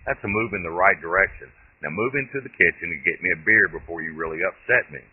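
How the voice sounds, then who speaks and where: Guy doing a bossy old granny in a storybook reading, demanding, super deep husky voice. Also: quick pace. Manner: demanding, blunt. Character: bossy foul-mouthed old great-grandmother. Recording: tinny lo-fi phone-like audio.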